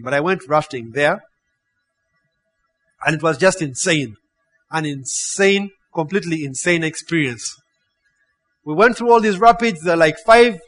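A man with a high voice preaching a sermon. His delivery is animated and full of stories, and he keeps asking the congregation "huh?" and "yeah?" to draw them in. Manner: storytelling with laughs and playful acted quotes. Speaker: pastor. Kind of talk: sermon with a personal story.

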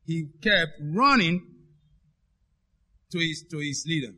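A man preaching a sermon as a pastor, emphatic, swinging between loud declarations and hushed asides. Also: a little high, lively intonation, slow.

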